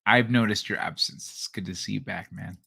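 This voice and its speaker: Bright-voiced middle-aged male streamer. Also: on the low side, fairly quick, vocal fry, husky. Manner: loose, profane, joking with chat. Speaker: livestream host. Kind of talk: casual late-night stream chat.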